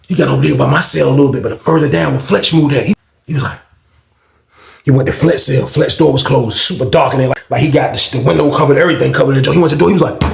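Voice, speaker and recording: A man with a high, gravelly voice tells a story in loose, profane slang, acting out other people's lines as he goes. The sound is roomy, with a clear echo around him. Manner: animated, profane, slangy, acts out quotes. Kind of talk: casual storytelling.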